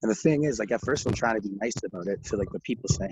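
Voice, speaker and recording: Racing through his casual stories, this young podcast guest from Ontario, Canada is profane, laughing and animated, his voice sitting on the low side. Background noise is audible. The recording is otherwise dull, lo-fi and dry.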